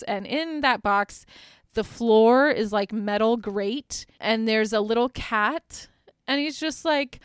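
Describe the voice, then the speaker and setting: A woman's voice: fairly high pitch, fairly bright tone, clear, resonant tone, no room sound, clean studio sound. Chatty, sarcastic woman recapping a movie. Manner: chatty, sarcastic, says "like" constantly and swears freely. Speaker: podcast host. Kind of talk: casual film recap.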